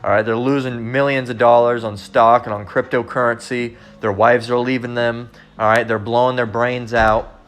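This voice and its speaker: A man's voice: mid-range voice, level tone, normal speed, fairly bright tone. A man preaching in a loose, rambling way, constantly saying "all right" and speaking bluntly with profanity. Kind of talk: informal religious teaching monologue.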